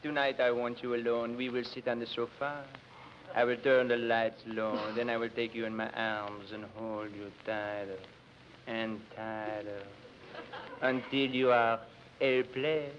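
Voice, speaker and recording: A man playing a vain continental lover with a put-on French accent, drawing out sweet nothings slowly. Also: mid-range voice, level tone, highs cut off, natural voice. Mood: crooning. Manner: drawn-out crooning endearments. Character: smooth-talking French male lover, vain. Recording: scratchy 1940s radio, studio audience.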